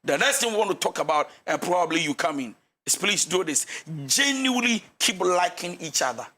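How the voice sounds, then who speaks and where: A man's voice: high voice, lively intonation, fairly quick, pushed and bright. A man with a Ghanaian accent giving marriage advice as a pastor on a talk show, switching between English and Twi and acting out the quarrels of couples. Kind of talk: animated talk-show counsel.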